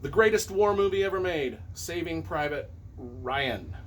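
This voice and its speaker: A man's voice: fairly high pitch, expressive, a little slow, slight background noise. A middle-aged man, a novelist and movie reviewer, rambling enthusiastically and correcting himself as he counts down his favorite films on camera.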